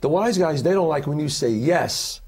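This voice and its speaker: A man, an actor, talking as a guest in an interview and telling animated stories in which he acts out other people's lines. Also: fairly high pitch, moderate pace, slightly rough. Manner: lively storyteller who acts out the quotes.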